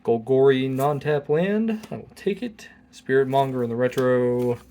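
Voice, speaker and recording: A man's voice: medium pitch, lively intonation, unhurried, dark tone. Man reading cards aloud with wry asides. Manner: reads card text aloud with wry asides. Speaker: channel host. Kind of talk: casual card-opening commentary.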